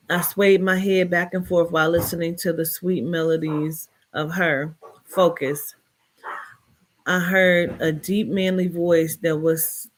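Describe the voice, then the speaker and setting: A woman reading a short story aloud, then telling a personal story in a chatty, expressive way with colloquial asides. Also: fairly low pitch.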